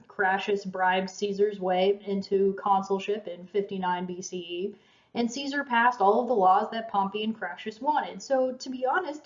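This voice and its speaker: A woman lecturing on history in a chatty, self-deprecating way, with fillers and small laughs. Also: medium pitch. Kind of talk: casual recorded lecture. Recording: roomy, dull lo-fi lecture recording.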